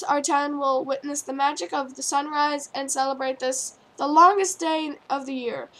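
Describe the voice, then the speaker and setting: A woman voicing a formal female pony mayor making a loud public announcement in a read-aloud story. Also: high voice, gravelly.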